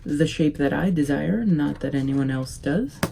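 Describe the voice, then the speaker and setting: A young adult woman chatting casually through a makeup tutorial, relaxed and rambling with many fillers. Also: sits low, a little slow, vocal fry. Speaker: beauty vlogger.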